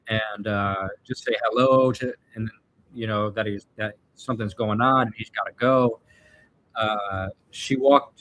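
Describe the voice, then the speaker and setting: Man, mid-pitched voice, casual vlog storytelling, reflective, rambling, filler-heavy. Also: fairly bright tone. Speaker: vlogger answering viewer questions.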